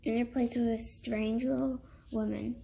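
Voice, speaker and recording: A woman reading a book aloud in a halting way, stumbling, restarting and breaking off to chat. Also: on the high side, flat delivery, creaky, warm tone, a little hiss or hum. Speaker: reader.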